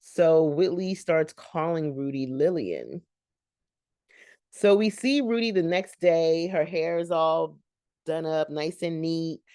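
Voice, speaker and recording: A woman with a low, deep voice talks through a sitcom episode in a loose, chatty recap. She rambles and drops laughing asides as she goes. The sound is dry and close. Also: expressive, slow pace, warm tone, smooth, dry recording. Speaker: host of a reaction channel.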